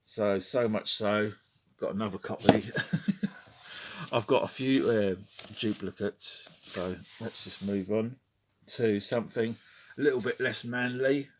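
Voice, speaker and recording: A middle-aged man talks through his collection in an unhurried, drawling way, his voice sitting fairly low. He rambles with wry muttered asides and bursts into bits of tunes. There is a faint hiss under the recording. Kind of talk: casual chat.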